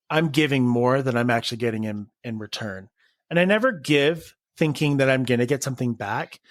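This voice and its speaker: A man's voice: medium pitch, dry recording, studio quality. A man speaking as a podcast guest, reflective and earnest as he talks openly about friendships. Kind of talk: candid conversational interview.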